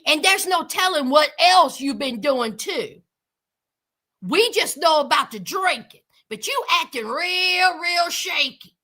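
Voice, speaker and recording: A woman's voice: high voice, lively intonation, slow, bright, forceful tone. A woman giving outspoken reaction commentary on a reality show, calling her viewers honey.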